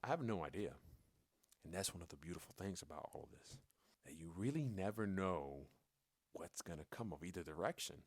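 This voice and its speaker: A man's voice: low-pitched, animated, brisk, slightly rough, no room sound. A man talking candidly in a personal vlog, rambling and swearing, with frequent stammering restarts. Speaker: vlogger.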